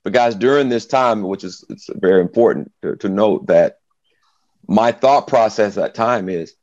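A middle-aged former football player tells his story in an interview, his voice on the lower side and his pace normal. He's an animated storyteller who acts out the voices of the people in it. The audio is dull, with no echo.

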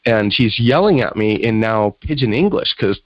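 Interview guest: man, lowish voice, lively storyteller who acts out quotes. Dry, muffled recording. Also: moderate pace, no room sound. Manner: animated storyteller acting out quotes. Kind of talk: storytelling in conversation.

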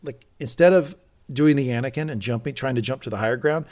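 Animated man recapping a show. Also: medium pitch, fast talker. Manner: animated, acts out quoted lines. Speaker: podcast co-host. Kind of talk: casual recap chat.

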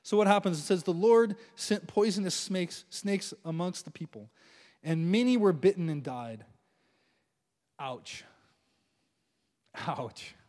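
A man preaching a sermon as pastor, playful and animated, acting out the prayers of his listeners with little laughs. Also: high voice, slow pace, long pauses.

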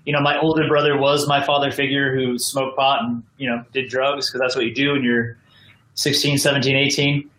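An American man tells stories in a loose, rambling way, tossing in "like" and "you know" all the time. His voice is bright and sharp. He is calling in remotely, and the room sounds echoey. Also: mid-range voice, little pitch movement, brisk. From United States. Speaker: podcast guest. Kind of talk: casual storytelling. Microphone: video call from home.

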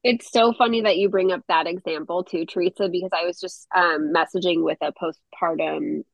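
A woman's voice: fairly low pitch, steady tone, fairly quick, creaky, dry recording, muffled recording. A woman guest on a podcast, a mother, talking in an earnest, reflective way and laughing easily. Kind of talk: casual podcast conversation.

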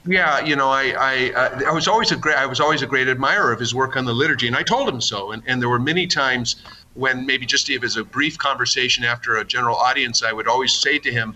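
Middle-aged man, archbishop guest; bright, reflective radio talk with faint background noise. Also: mid-range voice, rough recording. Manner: reflective, halting with restarts. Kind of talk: conversational radio interview.

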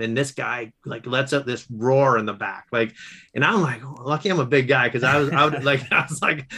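Bright-voiced man telling lively stories. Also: mid-range voice, vocal fry, slightly rough. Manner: animated, quick storytelling with restarts and laughs. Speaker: guest author and educator. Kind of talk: casual storytelling.

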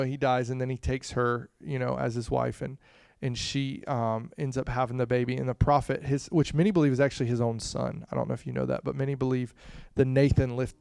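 A man preaching a conversational sermon to a congregation, swinging between hushed and loud passages, with frequent "you know" asides. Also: mid-range voice, gravelly, clear, resonant tone, dry recording, clean studio sound. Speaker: pastor.

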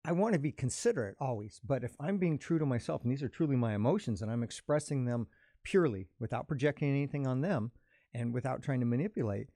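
A man talking calmly in a casual conversation, explaining his ideas at length in a reflective way. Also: mid-range voice, fast talker, no echo, clean studio sound. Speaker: podcast co-host.

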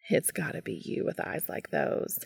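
A woman voicing a gentle young man, speaking in a soft, hushed and affectionate way. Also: low-pitched, moderate pace, creaky, slightly rough, no room sound, clean studio sound, exaggerated voice. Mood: tender. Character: gentle young man, barista, tender and wondering.

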